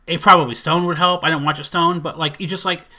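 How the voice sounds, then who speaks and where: Rambling bright-voiced male vlogger. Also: fairly high pitch, fast. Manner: rambling, filler-heavy, excitable. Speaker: movie collector vlogger. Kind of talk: casual collection vlog.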